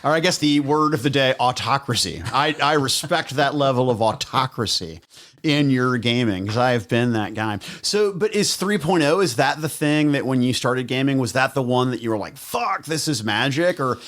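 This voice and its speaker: A man's voice: medium pitch, moderate pace, fairly bright tone. Teasing man hosting a casual podcast. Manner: joking, teasing, blunt. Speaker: podcast host. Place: studio.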